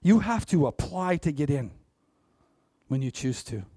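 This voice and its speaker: A man's voice: a little high, big pitch swings, measured pace, warm tone, slightly rough, no room sound, studio quality. A man giving a motivational stage talk, speaking straight to the audience and laughing at his own jokes. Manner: addresses the audience directly. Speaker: public speaker.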